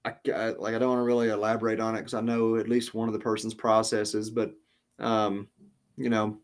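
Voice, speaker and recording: A man's voice: lowish voice, flat delivery, a little fast. Rambling man telling a podcast story. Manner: rambling, many ums and restarts. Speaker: podcast host. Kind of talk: casual storytelling.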